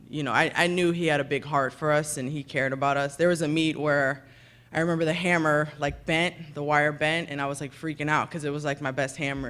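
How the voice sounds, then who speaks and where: A woman's voice: sits low, fairly bright tone. Woman in her 30s rambling through a hall of fame thank-you speech, chatty and self-deprecating, podium mic in a banquet room. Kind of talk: acceptance speech. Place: ceremony breakfast in a banquet room.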